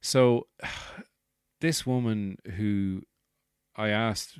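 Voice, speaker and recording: Irish comic host, low voice, dry close sound, rambling and swearing. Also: male voice, slow, smooth, no room sound. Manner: rambling, swearing, exasperated asides. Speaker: comedian and podcast host. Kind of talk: casual rambling monologue.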